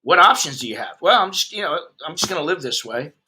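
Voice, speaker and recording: A man's voice: a little high, very animated, fast talker, sharp tone, slight background noise. An American man in his fifties, a vlogger ranting bluntly and profanely while chatting with his viewers. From United States. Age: 50s. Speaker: expat vlogger. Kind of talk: ranting livestream chat with viewers.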